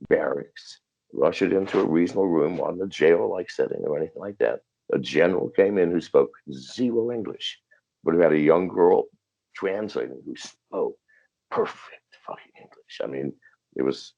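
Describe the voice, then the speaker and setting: A very deep, gravelly voice belongs to an older man who tells his stories bluntly and swears without pause. His pitch swings in lively bursts as he talks. The sound comes over a dull, lo-fi video call line. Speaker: interview guest. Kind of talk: profane storytelling interview.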